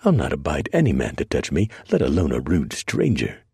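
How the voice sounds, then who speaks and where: A man voicing an indignant, prim woman missionary who snaps at rough strangers. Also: rumbling low, wildly swooping pitch, brisk, dark tone, no echo, clean studio sound, exaggerated voice. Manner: snappish, scandalized.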